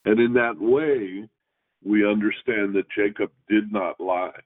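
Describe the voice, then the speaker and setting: Male Torah teacher, measured reading with teaching asides, tinny radio broadcast. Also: lowish voice, steady tone. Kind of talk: scripture reading with commentary.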